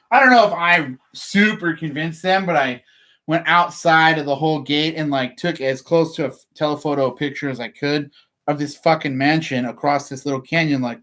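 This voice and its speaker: A man with a medium-pitched, slightly bright voice tells stories from his job as a process server. He rambles in a loose, laid-back way and leans heavily on "like" as filler.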